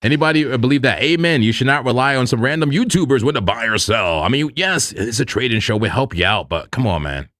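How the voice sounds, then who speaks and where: A man's voice: medium pitch, lively intonation, fast, few pauses, a bit bright, no echo, clean studio sound. A man co-hosting a live trading stream, chatting casually, laughing often and teasing his co-host.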